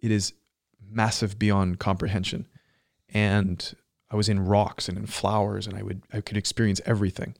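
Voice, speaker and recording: A man's voice: on the low side, little pitch movement, moderate pace, creaky, no echo, studio quality. A man telling a personal story in casual conversation, reflective and searching for words with frequent fillers.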